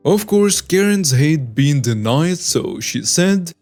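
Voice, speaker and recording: A man reads online stories aloud in an animated storytelling manner. His voice sits a bit high and swings lively in pitch. Soft background music runs under the narration. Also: slow, hardly any pauses.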